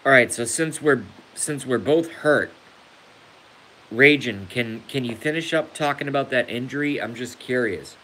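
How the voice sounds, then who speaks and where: This man's mid-range voice is fairly bright and measured as he hosts a meandering phone live stream full of crude, self-deprecating humor. He laughs at his own jokes despite an injury that makes laughing painful. The audio is poor, with a faint hiss or hum.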